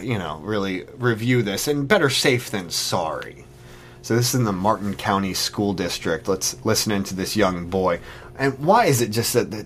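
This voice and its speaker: A man's voice: fairly low pitch, fairly bright tone. A man hosting a solo commentary podcast, talking conversationally and reading out news items that he then questions sarcastically. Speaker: podcast host.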